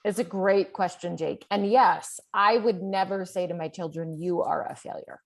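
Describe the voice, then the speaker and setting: A middle-aged woman talking as a guest author in an interview, candid and animated, with plenty of fillers as she tells her story. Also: on the low side, moderate pace, creaky. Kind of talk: conversational interview.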